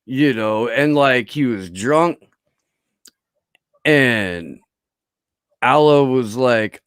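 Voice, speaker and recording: A man's voice: fairly high pitch, measured pace, smooth, no room sound. A man telling a long story in a rambling, profane way with lots of fillers, as a podcast guest in casual chat.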